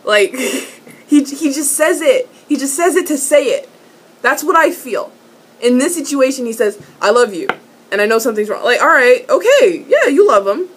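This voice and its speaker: Giggly young woman, husky voice. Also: sits high, normal speed. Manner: excitable, swearing, giggly, trailing off and repeating words. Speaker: vlogger reviewing a TV episode. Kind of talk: casual fan recap.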